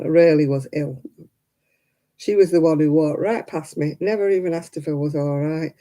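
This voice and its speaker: A woman's voice: deep voice, warm tone, rough recording. An older woman, telling rambling personal stories in casual chat as host of a crafting livestream, full of "you know" asides.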